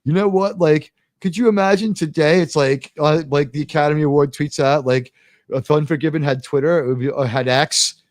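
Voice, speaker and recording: An American man hosting a live talk show, telling stories in a rambling, animated way with lots of fillers. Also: a little high, brisk, dry recording, clean studio sound. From United States. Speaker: host.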